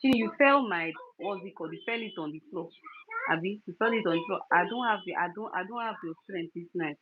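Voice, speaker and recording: A woman's voice: mid-range voice, fast. A young woman at home, coaxing and scolding a small child in a playful way, with turns of phrase. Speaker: vlogger and mother. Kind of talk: casual home vlog, talking to a small child. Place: home, indoors. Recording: dull lo-fi home recording with faint noise.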